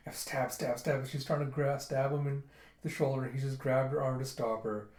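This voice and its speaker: A man's voice: mid-range voice, steady tone, moderate pace, a little mellow. A man casually retelling a comic during a readthrough, with offhand asides. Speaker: manga reviewer. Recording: roomy echo.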